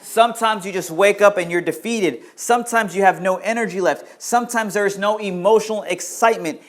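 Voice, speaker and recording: A man preaching to his congregation, his voice sitting a little high for a man. He swings between loud, urgent questions and low, quiet stretches. He calls out to listeners by name as he goes. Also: a little fast. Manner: addresses congregation members by name. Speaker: pastor. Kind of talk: sermon.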